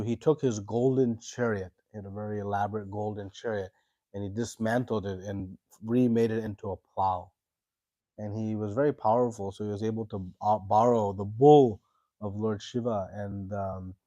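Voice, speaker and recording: A man teaching a scripture class. He tells a story in a relaxed way with many fillers and stops to quiz his students. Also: lowish voice, dry recording.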